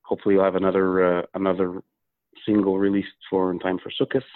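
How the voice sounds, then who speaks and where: A singer from Minnesota talking about his music as an interview guest, speaking haltingly with many pauses. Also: low voice, level tone. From Minnesota, USA. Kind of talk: casual phone interview. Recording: tinny phone line.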